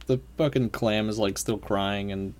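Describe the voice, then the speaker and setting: A podcast co-host chatting casually, laughing often and reacting quickly. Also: medium pitch, steady tone, a little hiss or hum. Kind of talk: casual chat.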